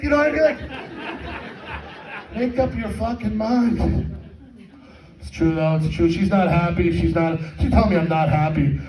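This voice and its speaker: A man's voice: high voice, animated, normal speed, pauses often, a little mellow. Crude stand-up man in echoey hall. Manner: crude, rambling, self-mocking crowd work. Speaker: stand-up comedian. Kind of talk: stand-up comedy set. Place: comedy fundraiser hall with live audience. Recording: echoey hall with audience, mic at a distance.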